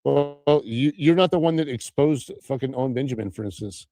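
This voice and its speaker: A man's voice: medium pitch, normal speed, mellow. A man arguing on a livestream, sarcastic and exasperated, swearing often. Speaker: livestream panel guest. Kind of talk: heated argument.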